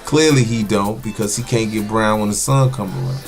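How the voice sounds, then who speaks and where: A man's voice: on the low side, a little fast, soft background music. A man talking bluntly and profanely in a casual podcast conversation. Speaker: podcast co-host.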